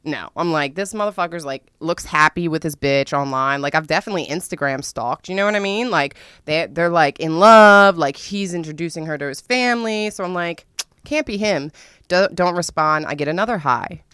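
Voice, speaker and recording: A young woman on a podcast, telling her own story with lots of swearing and drama and jumping into loud squeals at times. Her voice is smooth and lower-pitched, recorded close and dry with no room sound. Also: normal speed, no room sound. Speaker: podcast host. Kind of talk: casual storytelling monologue.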